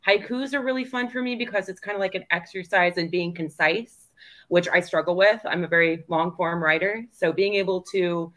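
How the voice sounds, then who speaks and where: A woman's voice: on the low side, steady tone, normal speed, fairly bright tone. A woman co-hosting a casual talk show, blunt and self-deprecating, with frequent swearing. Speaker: co-host, writer. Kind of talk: casual chat.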